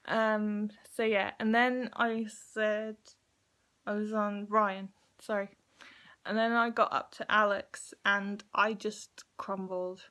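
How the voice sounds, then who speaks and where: A young woman speaks to her viewers in a slow, unhurried way, her voice tearful and catching as she cries. She halts and restarts often, openly emotional. It sounds like a simple camera recording. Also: medium pitch, little pitch movement, pushed and bright. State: crying. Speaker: vlogger. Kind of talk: personal vlog to camera. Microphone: phone or webcam recording.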